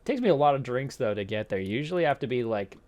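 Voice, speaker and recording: A man's voice: mid-range voice, animated, fast, darkish tone. A young man co-hosting a casual podcast, talking in a laid-back way, laughing often and swearing. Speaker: podcast co-host. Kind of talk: casual chat.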